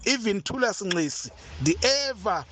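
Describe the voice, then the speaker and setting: A man's voice: high-pitched, expressive, normal speed, a bit bright, husky. A man leaving a voice note for a radio show, indignant and firing rhetorical questions. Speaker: listener sending a voice note.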